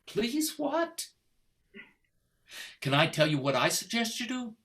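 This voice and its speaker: A man's voice: very high voice, big pitch swings, slow, a bit bright, heavily acted. An older man playing a cold, formal husband, on a video call, speaking with precise diction and sarcastic menace. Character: stiff, icy English husband Richard, middle-aged. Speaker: stage actor. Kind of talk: stage play reading over video call.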